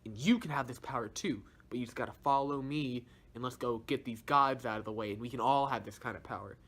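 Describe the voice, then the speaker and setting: A man's voice: mid-range voice, fast talker, fairly bright tone. A grieving, defiant immortal sorceress, as a man retelling a story puts her on talks in easy slang. The voice stays close to his own. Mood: demanding. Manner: slangy, casual street talk.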